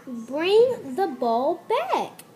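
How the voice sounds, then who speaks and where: A children's lesson host reading out a cheerful little girl coaxing her puppy, in a singsong, drawn-out voice. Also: sits high, big pitch swings, warm tone, slight background noise, full character voice.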